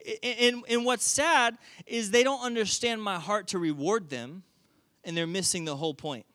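High, bright-voiced preacher. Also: male voice, no room sound. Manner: animated storytelling, playful asides. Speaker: pastor. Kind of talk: sermon.

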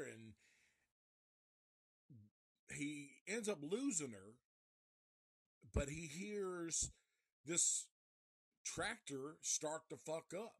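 A man casually reviewing a horror film live, retelling the plot in a profane, animated way. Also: on the high side, no echo, clean studio sound. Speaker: movie reviewer.

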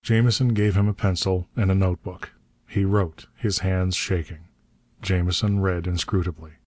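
A man narrating a story in a steady, measured reading. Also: deep voice, no room sound. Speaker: audiobook narrator. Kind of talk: scripted narration.

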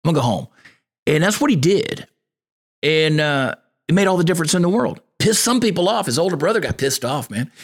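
A man hosts a podcast in a folksy, sermon-like monologue. His pitch swings widely as he drives home his points, rising and falling with earnest conviction. His delivery is plainspoken and preacherly. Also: lively intonation, fast talker, hardly any pauses, breathy edge. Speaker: podcast host.

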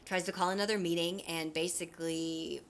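Young woman co-host, slightly low voice, lively and profane, light noise under the track. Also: fairly quick. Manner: animated, swears freely, acts out characters' lines. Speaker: podcast co-host. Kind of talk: casual book discussion.

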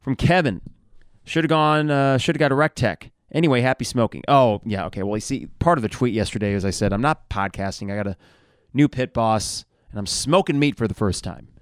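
A middle-aged man hosts a sports podcast, working through a stack of listener comments in a wry, conversational way. His voice sits at an ordinary middle pitch and comes across dry and close, with no room sound around it. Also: a little fast, clean tone, dry recording. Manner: wry, conversational, reads out comments one after another. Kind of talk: reading listener replies aloud, casual commentary.

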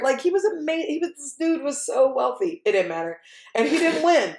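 A woman from Texas in casual conversation, animated, acting out voices in her stories and laughing as she talks. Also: sits high, a little fast, roomy sound, slight background noise. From Texas, USA. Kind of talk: casual chat.

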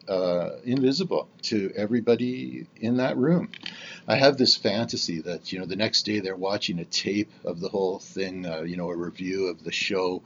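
A man on the edge of sixty talks through his own podcast in a loose, rambling way, stopping and restarting his sentences. His voice sits fairly low. The recording sounds dull and lo-fi, with a faint hiss underneath. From Canada. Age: 50s. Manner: rambling, candid, with many fillers and restarts. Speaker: podcast host. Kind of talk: casual solo podcast monologue.

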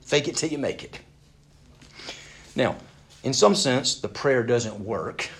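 A man's voice: medium pitch, lively intonation, slow pace, a bit bright. A man teaching a Bible passage to a group in a conversational way, often asking them questions and repeating words as he restarts. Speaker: Bible study leader.

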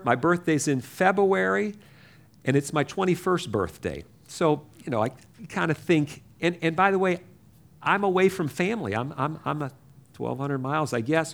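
A man's voice: fairly high pitch, normal speed, creaky, a bit bright. A man in his sixties telling a personal faith story in a rambling, chatty way as a preacher.

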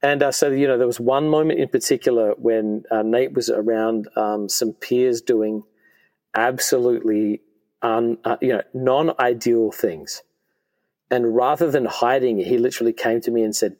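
The man, in his forties, talks at medium pitch and normal speed with a touch of mellowness. As a guest in a podcast studio, he relates personal stories earnestly and warmly, repeatedly restarting what he's saying.

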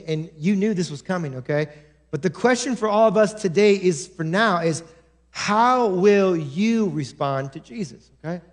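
Animated high-voiced male pastor preaching. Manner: animated, acts out quoted voices, many restarts. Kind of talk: sermon. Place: church.

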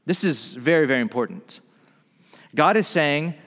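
A man preaching a sermon, telling the story in a lively, animated way and acting out the voices in the quotes. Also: mid-range voice, brisk. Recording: long hall reverb.

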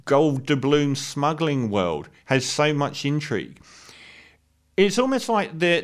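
A man in a casual film review, with a voice sitting at an ordinary middle pitch. He talks in a candid, opinionated way, stumbling over fillers and restarting sentences as he works out his verdict. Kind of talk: casual spoken movie review.

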